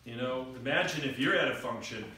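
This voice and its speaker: A man's voice: medium pitch, brisk, background noise. A middle-aged man preaching a sermon, telling stories with acted-out quotes and rising emphasis. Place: church hall. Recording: echoey room picked up from far off.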